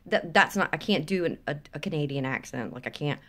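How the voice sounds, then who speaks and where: A woman's voice: low-pitched, brisk, a bit bright. A woman with a Southern US accent ranting bluntly and profanely to a phone camera held close at home, dropping into whispers for emphasis. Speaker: vlogger. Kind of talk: blunt opinion rant to camera.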